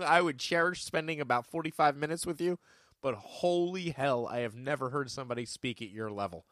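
A man's voice: fairly high pitch, fairly bright tone, dry recording. Male trivia podcast host, casual and joking, dry close mic. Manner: joking, rambling, quick asides. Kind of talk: casual chat.

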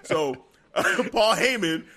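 Brief: man, bright, animated voice, rambling casual co-host, laughs a lot. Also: sits high, takes it slowly. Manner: rambling, laughs a lot, frequent "you know". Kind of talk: casual wrestling chat.

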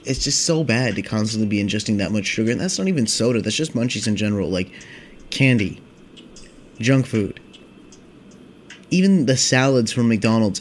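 A man's voice: on the low side, slight background noise. A young man hosting a casual podcast, rambling and swearing in a laid-back stoner monologue. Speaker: podcast host.

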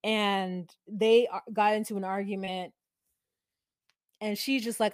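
A woman's voice: mid-range voice, steady tone, slow, smooth, dry recording. Chatty woman co-host, dry close sound. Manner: reflective, chatty commentary. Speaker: podcast co-host. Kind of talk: casual reality-TV recap.

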